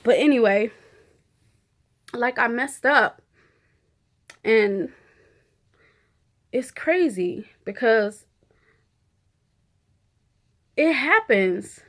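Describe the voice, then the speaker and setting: A woman's voice: a little high, lively intonation, extremely slow, long pauses, a bit bright. Chatty, emotional woman vlogger. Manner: chatty and candid, full of 'you know' and 'like'; emotional, talks openly through her feelings. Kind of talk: casual personal video update.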